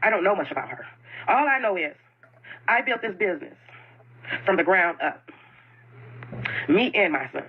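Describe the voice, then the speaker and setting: A woman's voice: lowish voice, very animated, moderate pace, long pauses, breathy edge. A woman who owns a food truck, speaking an impassioned and defensive statement in which she often repeats herself. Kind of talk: emotional self-made video statement. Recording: dull lo-fi phone audio.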